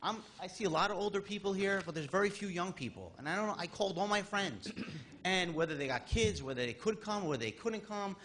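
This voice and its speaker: A man's voice: sits high, animated, a little fast, fairly bright tone, a little hiss or hum. A man in his thirties speaking at public comment during a town board meeting, rambling and exasperated, with many restarts. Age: 30s.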